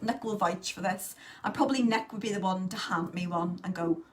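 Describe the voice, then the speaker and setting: A woman's voice: medium pitch, fairly even intonation, moderate pace. A woman, hosting a casual live makeup tutorial and chatting with viewers as she goes. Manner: chatty, reads out and answers live viewer comments.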